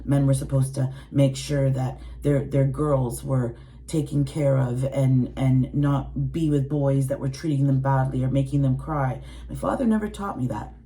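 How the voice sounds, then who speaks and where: In an extremely low, mellow voice, this woman in her late forties delivers a personal rant to viewers at a measured pace and with a flat delivery. A tarot reader, she is blunt and emotional, curses a lot, and mimics the voices of other people.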